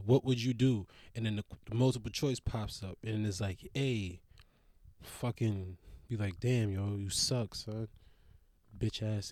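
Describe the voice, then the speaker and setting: A young man riffing in a casual comedic monologue, rambling and profane, with big jumps up in pitch when he gets worked up. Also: a little mellow, no room sound, clean studio sound. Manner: trails off into mutters.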